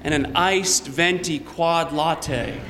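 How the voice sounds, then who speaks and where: A man preaching a sermon in a church, speaking in a slow, measured way with touches of light humor. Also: fairly high pitch, crowd noise. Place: church sanctuary. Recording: roomy church with long reverb.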